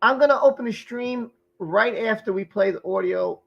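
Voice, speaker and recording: High gravelly male stream host. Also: normal speed, dull audio. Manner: greets viewers by name from chat, stumbles over names. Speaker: livestream host. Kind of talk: casual live-stream chat.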